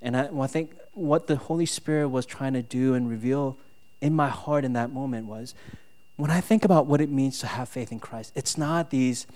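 Guy preaching, tells a story all chatty w lots of "right?", voice nice and clear. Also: mid-range voice, normal speed. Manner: animated storytelling, rising to exasperated outbursts; frequent fillers and tag "right?". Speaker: pastor. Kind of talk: sermon with personal story.

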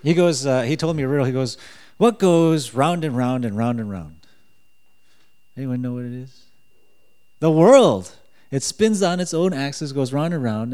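A man's voice: medium pitch, mellow, clean tone. Male preacher, mid-range voice, chatty sermon with light jokes. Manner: conversational, joking, with chuckles.

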